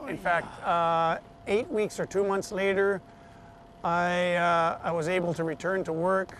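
A man with a high, light voice tells a personal story in a television interview. He retells it with energy and shifts his voice when he quotes other people. A faint hum of outdoor traffic sits under his speech. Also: fairly even intonation, measured pace, fairly bright tone.

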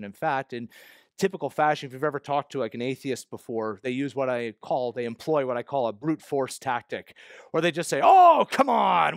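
A man's voice: medium pitch, no echo, studio quality. A male pastor preaching a sermon, explaining the text in a conversational way with emphatic stresses. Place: church.

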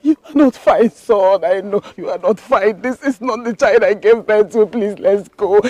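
A woman's voice: medium pitch, moderate pace, dark tone, no room sound, faint music behind, lightly acted. An actress with a Nigerian accent playing a desperate mother who pleads in an anguished voice for her son to come home. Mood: pleading. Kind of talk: Nollywood village drama acting.

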